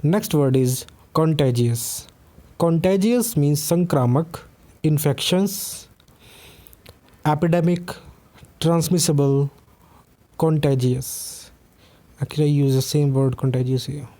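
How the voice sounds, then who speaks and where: A man teaching newspaper vocabulary, switching between Hindi and English and reading example sentences slowly. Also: a little high, mellow. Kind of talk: vocabulary lesson.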